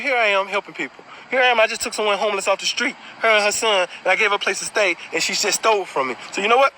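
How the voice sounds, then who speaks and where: A man telling his own story in a blunt, animated way, swearing freely. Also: very high voice, slight background noise, rough recording. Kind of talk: casual storytelling.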